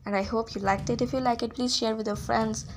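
A woman's voice: fairly high pitch, fairly quick, slight background noise. Woman reading a novel aloud. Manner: lively first-person narration with small slips. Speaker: audiobook reader.

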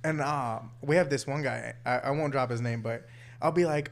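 A man bantering on a podcast with crude jokes and quick reactions. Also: medium pitch, gravelly. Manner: crude joking, quick reactions, animated when he quotes people. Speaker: podcast co-host. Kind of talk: casual banter.

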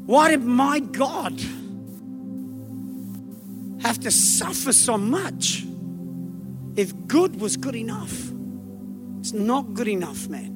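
A man with an Australian accent preaching a revival sermon in church, telling stories fast and rising to shouted calls, with soft music behind. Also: extremely high pitch, sing-song. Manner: fervent, rapid storytelling building to shouted calls. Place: church meeting.

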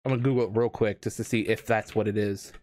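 A man's voice: lowish voice, quick pace, no echo. Rambling casual man, dry close sound. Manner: rambling, animated, lots of fillers and restarts. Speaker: escape room game host. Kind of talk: casual storytelling chat.

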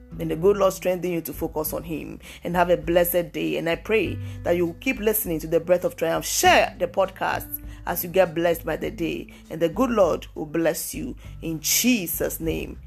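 A woman preaches in a devotional podcast, pressing her points by saying them twice. Her voice sits fairly low. Quiet music plays faintly underneath. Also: gravelly. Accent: African English. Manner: emphatic, repeats key phrases.

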